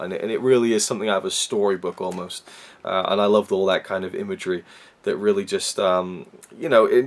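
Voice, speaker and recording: A man from Wales with a Welsh accent, reviewing a film in a casual, rambling way with many fillers and restarts. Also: on the low side.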